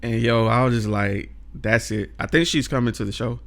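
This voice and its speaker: A man's voice: mid-range voice, steady tone, normal speed, vocal fry, fairly bright tone. A young man hosting a casual chat, talking in laid-back slang, laughing often and reciting lines of poetry. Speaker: podcast host.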